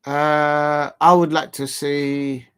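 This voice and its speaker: A man's voice: a little high, flat delivery, extremely slow, fairly bright tone, smooth. A man hosting a football watch-along stream, chatting casually, reading viewer comments and rambling with lots of fillers.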